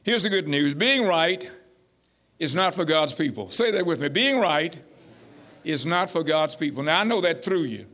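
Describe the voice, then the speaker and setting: High, lively preaching man. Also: normal speed. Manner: call-and-response preaching, rising to shouts. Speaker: pastor. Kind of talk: sermon.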